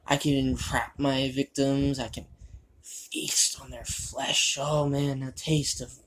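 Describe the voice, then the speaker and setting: A man's voice: mid-range voice, flat delivery, slow pace, fairly bright tone, a little hiss or hum. A man voicing a crude, boastful male spider demon in a fan fiction monologue, rambling and gleeful about violence, with a shifting put-on British-style accent.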